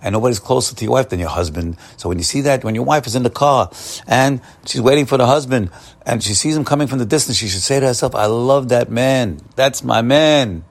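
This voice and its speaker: Man, Torah teacher, morning pep talk, encouraging, gravelly, restarts phrases. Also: medium pitch, fast.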